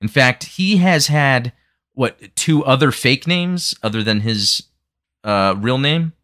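A man hosting a live chat show, talking fast and rambling with lots of fillers and restarts. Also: medium pitch, expressive, fairly bright tone, no echo, clean studio sound. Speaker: podcast host. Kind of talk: casual chat.

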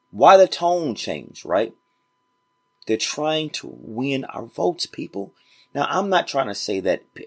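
A man's voice: medium pitch, breathy edge. A man hosting a motivational podcast, speaking casually and preaching straight to his listeners, repeating phrases for emphasis. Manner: casual informal grammar. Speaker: podcast host.

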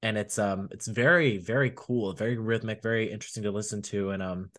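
A man's voice: fairly low pitch, fairly quick, a bit bright. A man co-hosting a music podcast, rambling casually with many fillers and frequent laughs. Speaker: podcast co-host. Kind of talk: casual chat.

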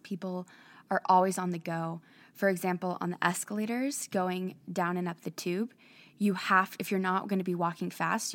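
Brief: woman, student, chatty and animated, close dry sound. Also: lowish voice, creaky, dry recording. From United States. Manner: lively, acts out quoted greetings. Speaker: student traveler. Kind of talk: casual interview recollection.

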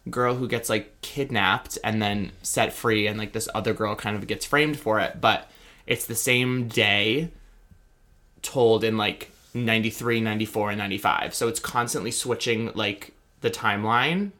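A man's voice: on the low side, fairly even intonation, normal speed, bright, forceful tone. A man co-hosting a casual pop-culture chat, campy and gossipy, full of "like". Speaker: podcast co-host.

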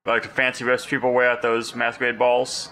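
Man, casual tabletop player, bright voice, faint background noise. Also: mid-range voice, completely flat delivery. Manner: casual, quick, with fillers.

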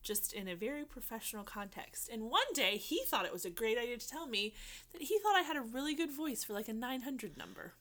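Lively, bright-voiced woman co-host. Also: fairly high pitch, a little fast. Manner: dry self-mocking humor, laughs often. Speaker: podcast co-host. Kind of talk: casual podcast chat.

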